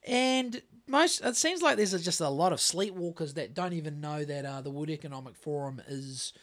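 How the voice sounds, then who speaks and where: A man's voice: a little high, animated, normal speed, a bit bright. A man with a New Zealand accent co-hosting a podcast in casual chat, rambling and swearing, with many restarts. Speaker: podcast co-host.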